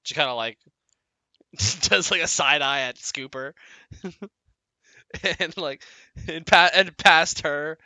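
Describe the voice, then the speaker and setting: A man's voice: fairly high pitch, takes it slowly, long pauses, bright, forceful tone, clear, resonant tone, dry recording. A young man narrating casually as dungeon master, who laughs often and trails off and restarts his sentences. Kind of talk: casual tabletop game narration.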